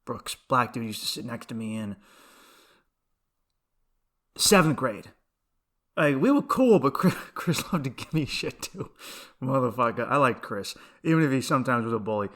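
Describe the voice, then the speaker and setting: Profane rambling man, bright voice. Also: medium pitch, animated, moderate pace, pauses often. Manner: rambling, profane, laughs often. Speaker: podcast host. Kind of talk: casual comedic monologue.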